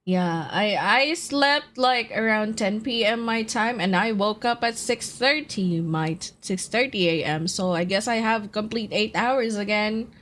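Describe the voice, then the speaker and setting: A young woman streamer chatting casually with viewers in a low, groggy voice from just waking up, laughing and swearing easily while she eats. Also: unhurried, few pauses, fairly bright tone, a little hiss or hum. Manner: laid-back, laughs often, swears casually, chats with viewers while eating. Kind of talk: casual live-stream chat.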